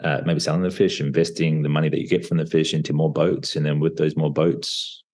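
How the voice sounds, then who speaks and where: A man's voice: rumbling low, flat delivery, fairly quick, a little mellow. A man voicing an eager, persuasive American businessman in a told story. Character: eager male American businessman, pushy salesman.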